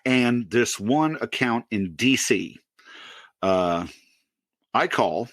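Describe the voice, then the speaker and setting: Co-host, man, late 40s, animated storyteller, close dry mic. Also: slow, no echo. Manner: animated storyteller, pitches up for quoted outbursts, laughs often. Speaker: podcast co-host. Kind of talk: casual storytelling.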